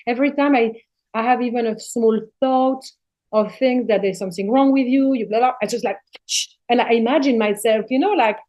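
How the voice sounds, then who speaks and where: A woman's voice: on the high side, a little fast, warm tone, lo-fi sound. Passionate, emphatic middle-aged woman. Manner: emphatic, passionate, swears freely. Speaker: podcast guest. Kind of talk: casual spiritual conversation.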